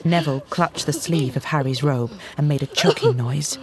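A man narrating a children's storybook in a measured, expressive reading. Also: fairly high pitch, over a noisy crowd. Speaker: audiobook narrator.

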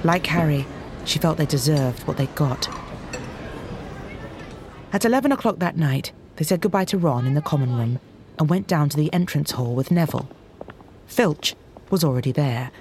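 A man narrating a children's storybook in a measured, expressive reading. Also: on the high side, a little hiss or hum. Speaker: audiobook narrator.

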